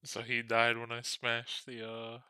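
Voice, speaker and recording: Low smooth-voiced guy at a tabletop game, swears a lot, dry mic. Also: monotone, a little slow, bright, forceful tone, no room sound. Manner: casual, cussing. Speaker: player. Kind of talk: tabletop role-play chat.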